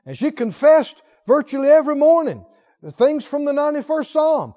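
A man with a high voice preaches a sermon, moving between quiet storytelling and loud emphasis. The recording sounds dull and lo-fi. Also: sing-song, moderate pace, in a large hall. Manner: storytelling, swings between soft low asides and loud emphatic lines.

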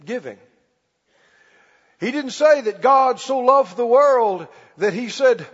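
A man preaching a sermon as pastor, stretching key words slowly and calling for the congregation to respond. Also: very high voice, lively intonation. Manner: preaching with call-and-response, slow emphatic stretches. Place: church. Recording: muffled recording in a reverberant church hall.

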